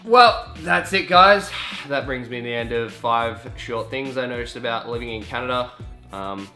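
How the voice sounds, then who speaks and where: A man's voice: mid-range voice, steady tone, normal speed, sharp tone, soft background music. A young Australian man with an Australian accent telling casual stories in a vlog, chatty and swearing now and then. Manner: chatty, swears casually, acts out quoted voices. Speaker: vlogger.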